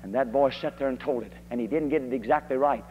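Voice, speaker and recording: A preacher from Kentucky, delivering a fiery old-time holiness sermon that rises to shouted emphasis. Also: male voice, mid-range voice, fast talker, slight background noise. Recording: dull archival tape in a hall.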